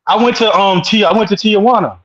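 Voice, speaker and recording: Man with a fairly high voice in casual chat, chiming in with quick reactions; muffled, lo-fi recording. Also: fairly bright tone. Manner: chimes in with short reactions, then tells his own story.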